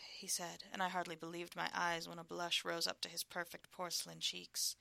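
A woman reading an erotic story aloud in a hushed, slow, intimate whisper, as whispered role-play. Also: fairly low pitch, completely flat delivery, creaky, no room sound.

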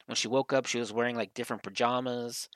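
Podcast guy rambling thru a story, says like a lot, mid pitch, dry close sound. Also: flat delivery, fast talker, fairly bright tone, dry recording. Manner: rambling storyteller, heavy use of "like". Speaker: podcast co-host. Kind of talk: casual chat.

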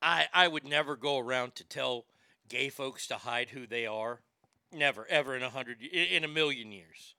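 A man's voice: mid-range voice, normal speed, gravelly, bright, forceful tone, clean tone, no room sound, studio quality. A man hosting a comedic talk show, laughing often and stammering as he jokes crudely. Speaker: radio show host.

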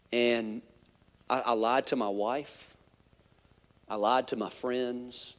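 A man's voice: medium pitch, steady tone, slow pace, long pauses, long reverb tail. A man, a pastor, telling a personal story in a sermon, candid and conversational with many asides.

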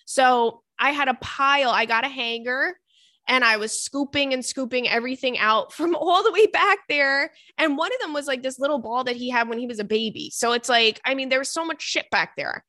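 A woman's voice: sits high, normal speed, bright, forceful tone, dry recording, studio quality. A young adult woman hosting a podcast, chatting casually and animatedly, with casual swearing. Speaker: podcast host. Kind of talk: casual chat.

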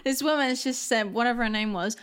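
A woman's voice: on the high side, a little fast, slight background noise. A young woman co-hosting a podcast, telling stories in casual chat, acting out quotes and laughing often. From Australia. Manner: animated storytelling, acts out quotes, laughs often. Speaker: podcast co-host.

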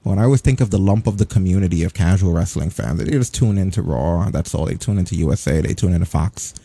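Deep-voiced man podcast host. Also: fast talker, breathy edge, dry recording. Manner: relaxed, rambling commentary. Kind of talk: casual podcast chat.

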